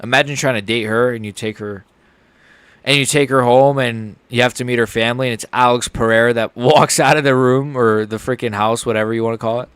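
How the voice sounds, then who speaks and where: Excitable man reacting live to fights. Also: medium pitch, brisk, clean tone, no room sound. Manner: excitable, joking, blurts out swearing. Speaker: streamer.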